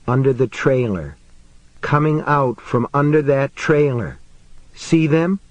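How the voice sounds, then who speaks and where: A frightened woman cornered in a truck cab cries out in a strained, raised voice, as a male narrator puts her on. Her lines climb high in pitch and spill out frantically. The audiobook recording is close and dry. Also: lively intonation, slow, dry recording, lo-fi sound. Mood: frantic, panicked. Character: terrified young woman trapped in a truck.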